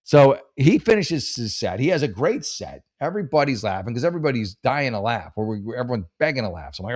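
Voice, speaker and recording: A man's voice: medium pitch, sing-song, fast, few pauses, a little mellow. A middle-aged man, a stand-up comedian, telling a rambling, profane, self-mocking story in casual chat. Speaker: comedian hosting a podcast.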